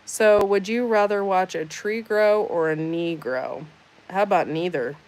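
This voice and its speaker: A woman's voice: lowish voice, a little slow, a little mellow. A woman hosting a casual livestream, reading out chat comments with sarcastic, teasing banter. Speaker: livestream host.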